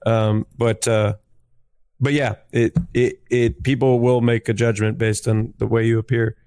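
A man's voice: medium pitch, little pitch movement, measured pace, darkish tone, clear, resonant tone, dry recording. A man speaking reflectively and earnestly in casual podcast talk. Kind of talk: casual chat.

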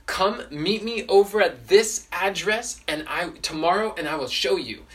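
A man voicing a calm woman who speaks in an inviting way. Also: high voice, measured pace. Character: calm, unbothered woman with a secret.

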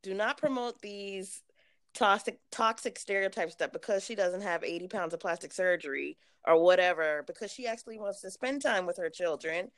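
A woman's voice: fairly low pitch, dry recording, studio quality. A woman co-hosting a podcast, speaking bluntly and emphatically in casual chat, with frequent swearing. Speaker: podcast co-host.

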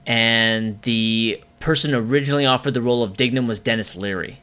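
This is a man with a bright, forceful voice, co-hosting a casual movie podcast. He talks excitedly and swears freely, with plenty of ums. His voice sits at an ordinary middle pitch. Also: brisk, clean tone. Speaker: podcast co-host.

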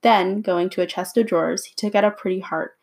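A woman reading a storybook chapter aloud at a measured, unhurried pace with small slips. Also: mid-range voice, steady tone, vocal fry, a little mellow. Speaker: reader.

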